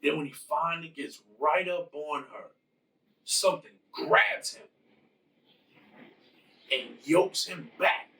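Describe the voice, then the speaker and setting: A man's voice: fairly high pitch, vocal fry, bright, forceful tone, distant mic, poor audio. A man casually retelling his own rewrite of a movie in a rambling, slangy way with lots of fillers. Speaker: channel host.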